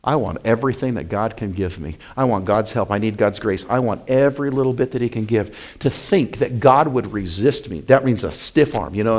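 Male pastor, conversational sermon, rises to loud emphatic peaks, drops to quiet asides, asks the room questions. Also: medium pitch. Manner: conversational, repeats phrases, asks the congregation questions. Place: church.

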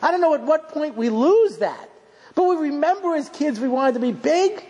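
A middle-aged man giving a rabbi's lecture, telling funny stories in an animated, self-mocking way and acting out scenes. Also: very high voice, normal speed. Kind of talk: humorous storytelling lecture. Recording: long hall reverb, faint background noise.

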